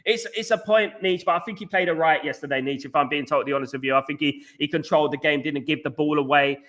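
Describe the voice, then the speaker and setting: A young man hosting a live chat show, talking fast with lots of fillers and repeats, reading out viewer comments. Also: a little high. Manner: rapid, animated, repeats himself, lots of fillers. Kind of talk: casual live-stream chat.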